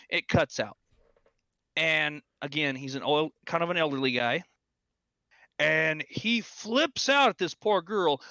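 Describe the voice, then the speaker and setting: Animated storytelling man, bright dry voice. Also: fairly high pitch, smooth, no room sound. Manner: animated storyteller, acts out quotes loudly. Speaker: podcast co-host. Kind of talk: casual chat.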